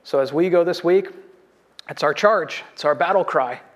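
A man's voice: on the high side, normal speed, lo-fi sound. A man preaching a sermon as a pastor, earnest and exhorting, building on repeated short phrases.

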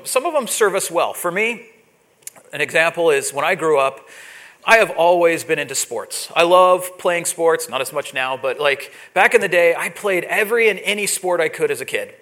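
A man with a high, bright voice delivers a sermon built on a personal story. He talks casually, rises and grows loud when the story heats up, and keeps circling back to his point. He sounds like he's in his forties. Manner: storytelling, animated, gets loud when imitating yelling. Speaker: pastor.

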